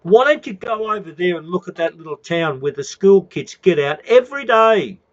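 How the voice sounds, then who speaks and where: An Australian man ranting at his listeners in a raised, slightly high voice. He swears freely, circles back over the same phrases and keeps dropping in "mate". The recording sounds dull and lo-fi. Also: expressive, moderate pace. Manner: profane, repetitive, calls listeners "mate". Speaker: activist speaking to followers. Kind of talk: impassioned rant.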